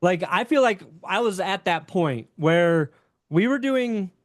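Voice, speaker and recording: A man's voice: high voice, expressive, unhurried, no echo. Candid young man, dry close sound. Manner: rambling, candid, swears casually. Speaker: podcast guest, sports YouTuber. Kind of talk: casual podcast chat.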